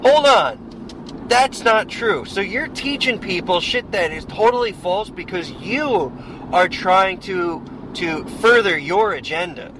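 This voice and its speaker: In a car on the road, a man co-hosting a podcast holds forth casually and emphatically, rambling through what he thinks. He has a high, expressive voice and takes his time. The recording carries loud road noise.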